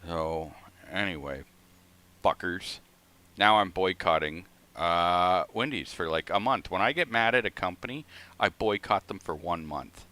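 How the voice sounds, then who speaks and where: A man's voice: low-pitched, unhurried, sharp tone. A man streaming a flight simulator, telling a rambling, profane story in casual chat.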